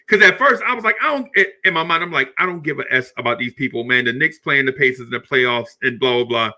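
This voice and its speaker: A middle-aged man hosting a podcast. He tells a story in a casual, animated way, laughs often and keeps repeating words. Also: medium pitch, fast talker, few pauses. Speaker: podcast host.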